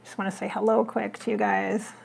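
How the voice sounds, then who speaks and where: A woman's voice: mid-range voice, fairly quick, gravelly, slight background noise. A woman who works as a psychic medium, telling a story on a casual livestream and acting out her own remarks. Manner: animated, acts out her own remarks in the retelling.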